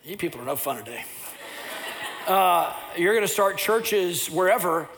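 A pastor preaching a sermon, telling personal stories, and at times rising into loud impassioned preaching. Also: male voice, high-pitched, lively intonation, normal speed, gravelly, slight background noise.

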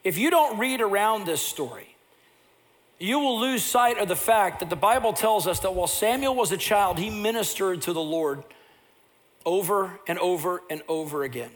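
Older male preacher, high voice, animated storyteller, sermon delivery. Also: moderate pace. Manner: animated storyteller who acts out scenes. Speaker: pastor.

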